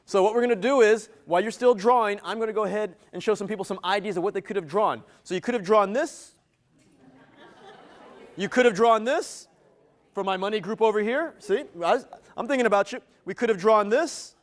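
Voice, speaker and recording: A man giving an interactive live keynote as a motivational speaker, energetic and playful, teasing his audience. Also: sits high, a little fast. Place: event venue with a live audience.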